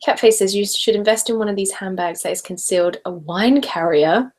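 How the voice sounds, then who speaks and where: An English woman from Essex hosts a relaxed live chat, reading out viewer questions and answering in a chatty, giggly way. Her voice now and then drops into a soft whisper. She sips wine as she goes. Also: medium pitch, fairly quick. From Essex, England. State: sipping wine while talking. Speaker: ASMR creator hosting a live hangout.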